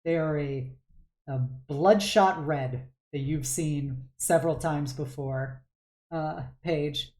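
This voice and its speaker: Slow, low-voiced woman game master. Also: darkish tone. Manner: hesitant, full of fillers. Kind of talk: narrating a tabletop game.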